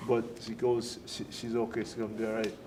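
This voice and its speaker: A middle-aged man, a former boxer, telling his story in an interview. He speaks softly and haltingly, often repeating words as he recalls events. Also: lowish voice, level tone. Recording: noisy on-site recording.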